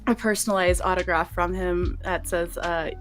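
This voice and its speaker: A woman from New Mexico tells a story on a livestream, animated and quick to laugh. She acts out quotes as she goes. Her voice sits low, with faint music playing behind her. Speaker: guest.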